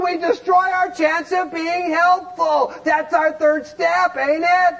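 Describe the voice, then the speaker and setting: A man lecturing a recovery group with great energy, his voice pitched unusually high. He keeps asking the room rhetorical questions and breaks into shouts to drive points home. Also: steady tone, measured pace, hardly any pauses, dull audio. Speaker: recovery program speaker.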